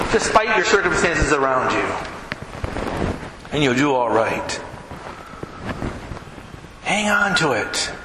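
Animated male preacher in an echoing hall. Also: a little high. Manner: emphatic, animated, acts out scenes. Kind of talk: sermon. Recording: echoey hall with background noise.

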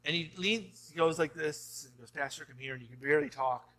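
Man, pastor, sermon, bright forceful voice, conversational with rhetorical asides, emphatic exhortation. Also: a little high, fairly quick.

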